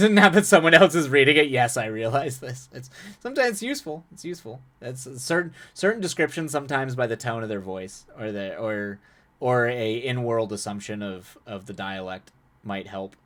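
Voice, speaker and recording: A young man reads a viewer's story aloud on a live stream. He narrates, then drops into loose, chatty commentary full of restarts. His voice sits at an average pitch for a man. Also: lively intonation, moderate pace, fairly bright tone. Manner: chatty, frequent restarts and laughs between passages.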